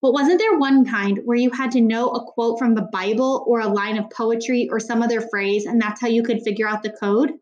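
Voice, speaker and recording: A woman's voice: on the high side, steady tone, a little fast, hardly any pauses, muffled recording, close to an everyday voice. An earnest older brother in a read-aloud story, voiced by a woman. He speaks with insistent conviction, his voice raised a little when he pushes back.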